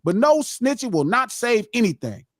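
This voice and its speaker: A middle-aged man hosts a live podcast in a heated, profane lecture. His voice sits high and leaps up and down with great animation. The sound is dry and close. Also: big pitch swings, moderate pace, no echo. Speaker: podcast host.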